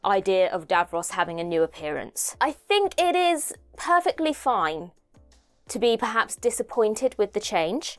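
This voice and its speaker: Young female host, casual commentary, chatty and self-deprecating, mid-pitched voice.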